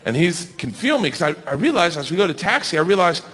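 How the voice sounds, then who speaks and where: A man in his forties doing a stand-up comedy set, loud and laughing as he shouts punchlines. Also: on the high side, very animated, fast. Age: 40s. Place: comedy stage before audience. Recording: live club with crowd noise.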